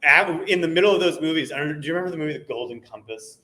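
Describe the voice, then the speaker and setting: A young man in casual conversation about doing impressions, animated and quick to laugh, slipping into bits of voices. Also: a little high. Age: young adult. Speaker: impersonator guest. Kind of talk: casual chat.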